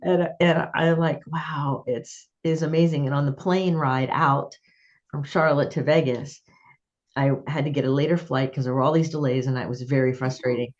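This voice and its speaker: A woman's voice: low-pitched, steady tone, normal speed, a little mellow, highs cut off. A woman hosting a podcast interview, chatting and telling personal stories with frequent laughter. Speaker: podcast host. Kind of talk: conversational interview.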